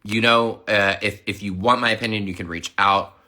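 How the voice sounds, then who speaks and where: Hoarse, sick man with a low voice. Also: fairly even intonation, moderate pace, sharp tone. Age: 30s. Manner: rambling, chatty, lots of fillers. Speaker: livestream host. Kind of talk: casual livestream chat.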